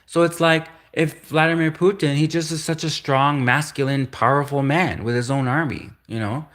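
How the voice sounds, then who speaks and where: A man's voice: fairly high pitch, fairly even intonation, moderate pace, fairly bright tone. A young man from Canada, a vlogger rambling sarcastically in a political monologue, full of restarts and little laughs.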